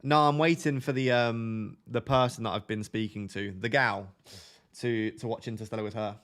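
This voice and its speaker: A man's voice: fairly low pitch, fairly even intonation, normal speed, a bit bright. A man with a nasal voice hosting a casual fantasy football live stream from his home setup, talking into a desk microphone, joking and reading chat aloud. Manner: chatty, jokey, drifts between topics.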